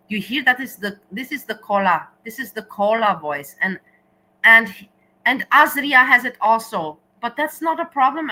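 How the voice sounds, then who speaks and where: A woman's voice: medium pitch, bright, forceful tone, slight background noise, poor audio. A woman hosting a casual livestream, talking straight to her viewers and slipping in German words. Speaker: livestream host.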